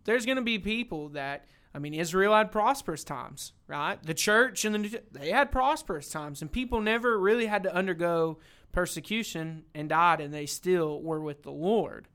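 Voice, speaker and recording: A young man with a high, bright and smooth voice talks through a Bible passage with friends. He is animated, slips into quoted voices and throws in a casual "dude". He carries the show as its co-host. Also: moderate pace. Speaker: church podcast co-host.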